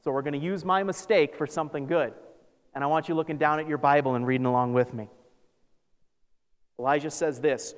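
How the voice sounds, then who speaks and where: A man preaching a sermon as pastor, animated, acting out scripture with sarcastic asides. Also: on the high side, fairly quick, long pauses. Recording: long reverb of a large hall.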